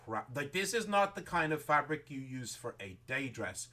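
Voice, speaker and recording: A man narrating a tabletop game as game master, rambling with many pauses and restarts. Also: mid-range voice, very animated, pushed and bright, slight background noise.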